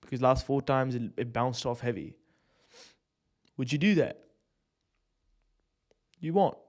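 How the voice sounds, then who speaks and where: A man's voice: medium pitch, measured pace. A man giving casual live commentary on a day-trading stream, swearing, using slang and laughing often as he talks through charts.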